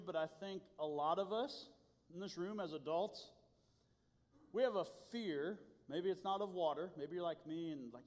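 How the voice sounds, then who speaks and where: High-voiced man preaching in a reverberant hall. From Indiana. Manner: animated storytelling, self-deprecating. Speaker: youth pastor. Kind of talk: sermon.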